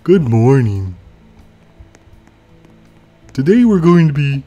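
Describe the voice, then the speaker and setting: A man putting on a cheerful, goofy cartoon uncle voice with a loud sing-song delivery. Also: medium pitch, big pitch swings, takes it slowly, lo-fi sound, faint music behind, voice pushed up.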